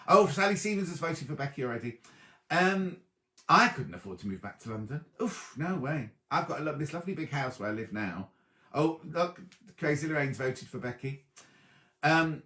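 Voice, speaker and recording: A man hosting a sewing show in a chatty, easily distracted way, reading viewer comments out loud from his sofa at home. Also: mid-range voice, echoey room. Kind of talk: casual livestream chat reading viewer comments.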